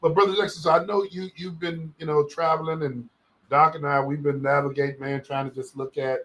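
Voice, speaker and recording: Dude cohosting a podcast, talks fast, friendly banter. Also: male voice, fairly high pitch, little pitch movement, a bit bright. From Central Florida. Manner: quick, friendly banter, calls partner brother and man. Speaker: podcast co-host. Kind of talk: casual podcast chat.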